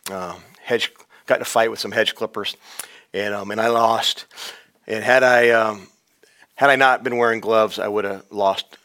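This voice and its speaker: A man preaching a sermon on a podcast, swinging between loud urgent exhortation and hushed, intimate storytelling. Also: lowish voice. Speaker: pastor. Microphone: podcast microphone.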